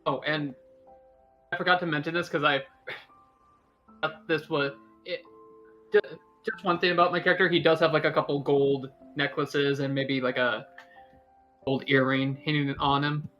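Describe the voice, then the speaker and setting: Bright-voiced man, halting player. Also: fairly high pitch, level tone, muffled recording, faint music behind. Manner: halting, full of ums and self-corrections. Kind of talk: describing his character in a tabletop game.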